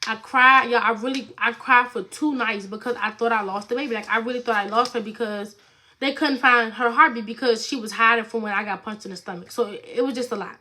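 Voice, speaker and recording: A woman's voice: on the high side, a little fast, bright, forceful tone. A young woman vlogger rambling through a personal storytime in a casual, chatty way, full of fillers and "like".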